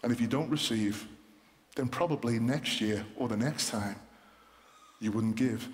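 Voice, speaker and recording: Pastor preaching in a reverberant hall. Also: male voice, medium pitch. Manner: emphatic, repeats points, slows for stress. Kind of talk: sermon.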